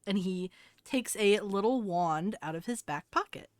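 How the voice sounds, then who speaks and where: A woman narrating a tabletop game as game master, descriptive and relaxed. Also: mid-range voice, a little slow, no echo, clean studio sound.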